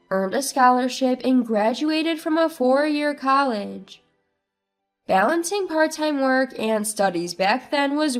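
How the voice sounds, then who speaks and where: A woman narrating a first-person story in a subdued, plaintive manner over faint music. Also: high-pitched.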